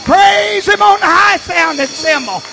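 High raspy preacher in an echoing church. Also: male voice, unhurried. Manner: fervent, swings from hushed to shouting. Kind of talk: sermon. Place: church sanctuary. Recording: long church reverb.

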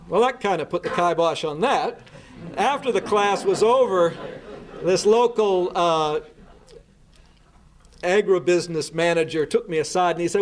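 A man's voice: high voice, moderate pace. A man giving a talk, earnestly recounting events step by step and restarting his words as he goes. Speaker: speaker recounting a case. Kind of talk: spoken storytelling talk.

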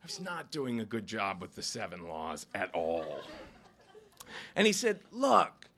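A man from Ohio telling a story live in a small lounge, acting out the people he quotes with sudden jumps in pitch. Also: unhurried, husky. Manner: animated, acts out quoted voices with sharp jumps in pitch.

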